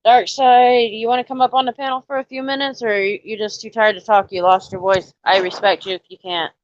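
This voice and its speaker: A woman's voice: on the high side, little pitch movement, brisk, dull audio. A woman casually chatting with her livestream viewers, coaxing and teasing them to join in. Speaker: livestream host. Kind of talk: casual live-stream chat with viewers.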